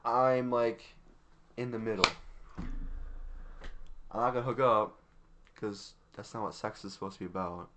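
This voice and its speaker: A man's voice: fairly low pitch, normal speed, pauses often, heavy background noise. A young man co-hosting a podcast, chatting casually and rambling with lots of fillers and frequent laughter. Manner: giggly, rambling with many fillers. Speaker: podcast co-host. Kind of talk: casual chat.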